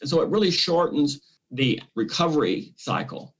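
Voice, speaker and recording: A man, a misophonia therapist, explains treatment in an interview, speaking in a lively way and acting out inner voices in quotes. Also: a little high, moderate pace, slightly rough, low-quality recording. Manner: animated, acts out the brain's voice in quotes.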